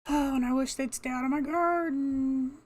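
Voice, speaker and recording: High-voiced older woman chatting while gaming. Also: fairly even intonation, normal speed, a little mellow. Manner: chatty, talks to herself, laughs often, mild cursing. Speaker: gamer. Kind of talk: casual gameplay commentary.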